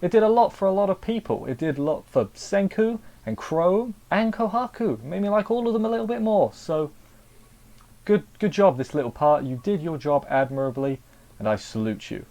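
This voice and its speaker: A man's voice: sits high, lively intonation, normal speed, dark tone. A man giving a casual, rambling spoken review of an anime episode, often repeating words and restarting sentences.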